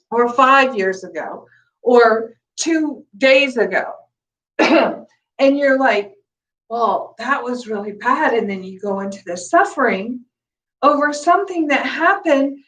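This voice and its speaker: A woman meditation teacher speaking gently and conversationally, with restarts and soft laughs. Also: high-pitched, recorded from a distance, low-quality recording.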